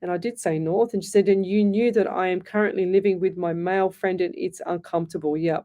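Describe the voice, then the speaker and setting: A woman's voice: on the low side, steady tone, fairly quick, dark tone. A woman hosting a live radio show as a psychic medium, chatting reassuringly, calling listeners "lovey" and reading out their comments. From Australia. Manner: reads listener comments aloud.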